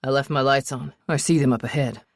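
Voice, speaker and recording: A woman voicing a gruff, protective young man who chases storms, speaking low and close in an audiobook. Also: steady tone, brisk, no room sound. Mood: urgent tender. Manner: low growling tone, tender under strain.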